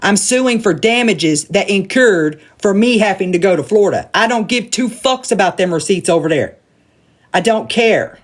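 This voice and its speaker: A woman's voice: mid-range voice, animated, normal speed, few pauses. A woman with a Southern accent, ranting bluntly and profanely on a livestream from her phone and hammering her points by repeating them. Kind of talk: heated livestream rant.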